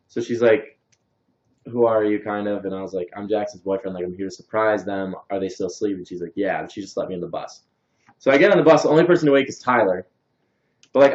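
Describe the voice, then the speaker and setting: Casual young dude on a lo-fi live stream, rambling, thanking viewers, lowish voice. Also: male voice, a little mellow. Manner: rambling storyteller, many "like"s and fillers; answers viewer comments and thanks them. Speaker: livestream host. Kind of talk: casual livestream chat. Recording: dull lo-fi stream audio.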